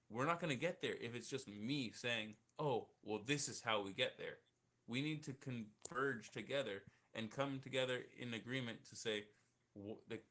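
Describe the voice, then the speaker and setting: A man's voice: mid-range voice, bright, forceful tone. A man in a casual online debate, rambling and thinking aloud, swearing often, heard over a video call.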